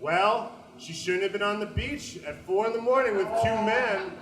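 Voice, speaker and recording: A man's voice: normal speed, roomy sound, poor audio. A man voicing a gossipy woman in her fifties who rambles without a filter. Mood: rambling. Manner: higher, softer put-on voice.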